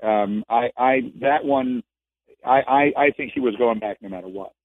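A man's voice: medium pitch, moderate pace, no echo. A man who used to be a sports reporter, speaking as a guest on a radio show and building his points by repeating phrases. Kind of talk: casual radio interview. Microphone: phone. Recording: dry tinny phone line.

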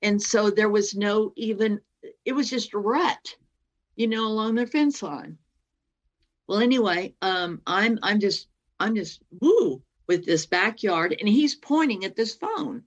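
A woman in her sixties, appearing as a guest, tells a personal story in a medium-pitched, animated, unhurried voice, rambling and circling back with "well, anyway." The sound is lo-fi.

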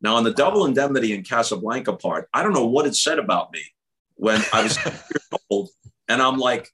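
A man in his seventies from the New York area, a veteran sports broadcaster telling stories as an articulate, animated interview guest. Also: mid-range voice, fairly quick, noisy background. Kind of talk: casual interview storytelling.

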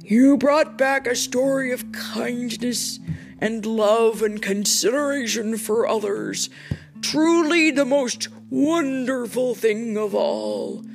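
A woman's voice: a little high, lively intonation, slow pace, vocal fry, soft background music, full character voice. A woman playing a jolly, exclaiming storybook king. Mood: warm, grand. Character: jolly, delighted old king, male.

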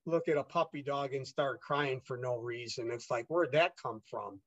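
A man as a podcast guest telling his own story in a casual, halting way, with many fillers and restarts. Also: mid-range voice, fairly bright tone, dull audio.

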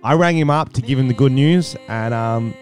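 A man's voice: medium pitch, moderate pace, a little mellow, faint music behind. A man co-hosting a casual podcast, laughing often as he talks. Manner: giggly, laughs often at his own jokes. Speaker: podcast co-host.

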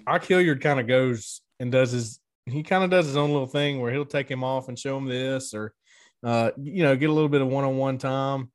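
Male co-host, relaxed chatty delivery, dry recording. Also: mid-range voice, brisk, dry recording. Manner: easygoing, laughs, short agreeing replies. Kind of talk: casual sports recruiting chat.

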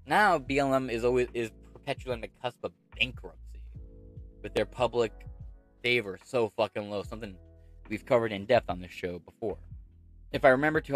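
A man hosting political commentary, reading an article aloud and ranting over it with heavy swearing and sarcasm. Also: fairly low pitch.

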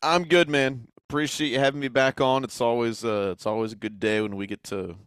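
A young man, a team's radio voice, chatting casually and retelling a game with lively acted-out quotes. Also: mid-range voice, a little fast, clear, resonant tone, no echo, clean studio sound. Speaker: play-by-play voice of a college football team. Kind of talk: casual storytelling chat.

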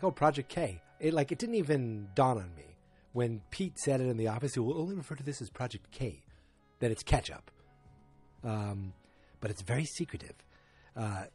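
A man's voice: mid-range voice, a little mellow, husky. A man casually recapping a TV episode, thinking aloud and often restarting his sentences.

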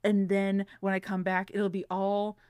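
A woman's voice: medium pitch, monotone, a little slow, a little mellow, smooth, dry recording. Female podcast co-host, chatty and upbeat, easy laugh, dry close recording. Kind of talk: casual chat.

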